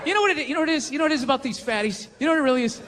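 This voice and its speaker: A male stand-up comedian doing a blunt, profane, ranting routine on a talk show stage, often shouting. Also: very high voice, lively intonation, very fast, a crowd in the background, background noise. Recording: live studio audience, reverberant hall.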